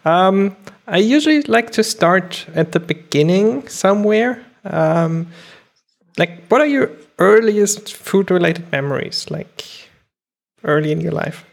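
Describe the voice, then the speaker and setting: A woman's voice: medium pitch, expressive, unhurried, vocal fry. A woman hosting an interview, asking questions casually with a lot of "like"s and brief affirmations. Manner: asks questions loosely, with many "like"s. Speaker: podcast host.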